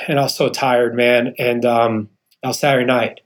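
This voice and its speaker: A podcast guest in his thirties, founder of a real estate business, talks at medium pitch and moderate speed. His testimony is earnest and personal, with the people in it acted out, and he calls the host "man."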